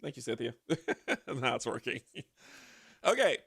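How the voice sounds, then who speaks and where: A man with a raspy, hoarse voice, chatting casually as host of a card game livestream and greeting his viewers. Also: mid-range voice, big pitch swings, a little slow, fairly bright tone, dry recording, studio quality. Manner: chatty, laughs often, talks to his viewers.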